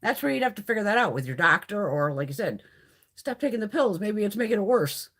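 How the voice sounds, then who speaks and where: Animated, foul-mouthed woman chatting live. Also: medium pitch, fast talker, breathy edge. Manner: swears constantly, chatty and animated, acts out quoted exchanges. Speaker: beauty vlogger chatting with live viewers. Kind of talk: casual live-stream chat.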